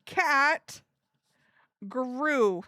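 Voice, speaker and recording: A woman live streamer chatting casually with her viewers in an animated, giggly way. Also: sits high, extremely slow, dry recording, studio quality.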